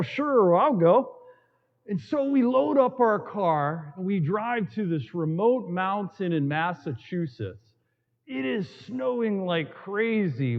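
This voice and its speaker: A man preaching a sermon as a priest, telling stories with emphatic repetition and dramatic pauses. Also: sits high. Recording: tinny, in a long reverberant hall.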